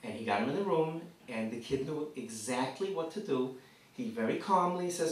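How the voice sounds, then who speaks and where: A man speaks to a room of parents in a lively, animated way, breaking into quick acted-out scenes. His voice sits a little high for a man. The sound is echoey and picked up from well off the mic. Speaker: seminar speaker. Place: community hall. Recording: echoey hall, mic from far off.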